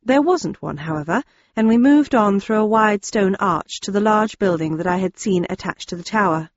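A woman's voice: medium pitch, animated, normal speed, no echo, highs cut off. A woman narrating a novel in the first person, in a dry, wry storytelling manner. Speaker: audiobook narrator.

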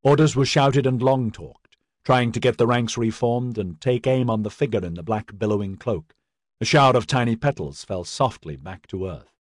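Male audiobook narrator, husky, dry close-mic read. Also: mid-range voice, moderate pace, dry recording. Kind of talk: scripted narration.

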